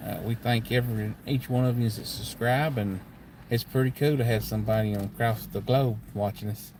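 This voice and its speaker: A man's voice: medium pitch, fairly even intonation, moderate pace. A man with a Kentucky accent rambles through a casual livestream chat. His talk is folksy and plainspoken, and faint background noise sits under his voice. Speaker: livestream host.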